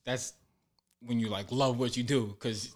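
A man's voice: mid-range voice, steady tone, measured pace, a crowd in the background. A man talking casually about making his web series, loose and laughing often. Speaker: web series creator and actor. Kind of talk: casual podcast chat.

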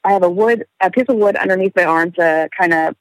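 Young woman, casual storyteller, expressive, swears, dry sound. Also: on the low side, a little fast, no echo, rough recording. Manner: animated storyteller, swearing, laughing, acting out quotes. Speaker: guest telling a story. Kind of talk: casual podcast chat.

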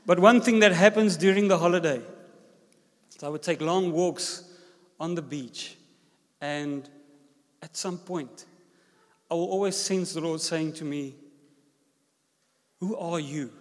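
A man's voice: a little high, unhurried, long pauses. Man, senior pastor, humorous sermon, reverberant church hall. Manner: joking, animated preacher.

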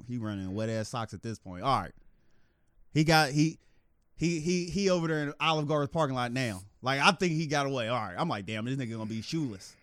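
A man telling a story animatedly in casual podcast chat, laughing and acting out quotes in a higher voice. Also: a bit bright, dry recording. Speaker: podcast co-host.

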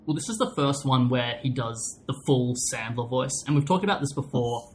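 A man's voice: medium pitch, brisk, slight background noise. Dry-joking man hosting a podcast. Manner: dry, joking, steering the talk. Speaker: podcast host. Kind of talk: casual chat.

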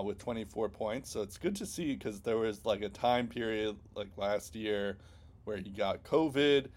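Low-voiced man rambling about hockey. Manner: rambling, many ums and restarts. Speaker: podcast co-host. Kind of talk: casual sports chat.

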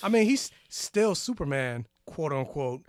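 A chatty young man on a podcast, speaking loosely and peppering his talk with "like". His voice sits a little high. The recording is dry and close. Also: sing-song, measured pace, no room sound. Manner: chatty, retells scenes, hedges with "like". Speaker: podcast co-host. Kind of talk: casual chat about superhero movies.

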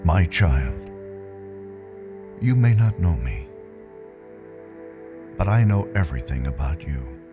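A man voicing God the Father in a devotional video, speaking slowly, intimately and reassuringly. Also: extremely low pitch, big pitch swings, exaggerated voice. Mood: tender. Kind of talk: scripted devotional reading. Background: music.

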